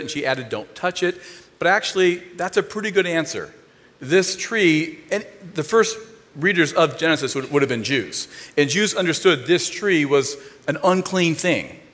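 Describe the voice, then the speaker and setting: A man preaching a sermon, animated and given to jokes, telling the story with rising and falling emphasis. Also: on the high side, in a large hall. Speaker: pastor.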